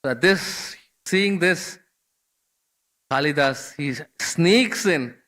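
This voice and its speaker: Bright-voiced man telling a devotional story. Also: a little high, slow pace. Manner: conversational, frequent fillers and restarts. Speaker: speaker giving a scripture class. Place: temple.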